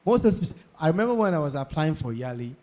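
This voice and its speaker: A man's voice: fairly high pitch, sing-song, fast, dark tone. A young Ghanaian man with a Ghanaian English accent, giving career advice to an audience; he repeats key points and keeps checking in with his listeners. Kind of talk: talk to an audience.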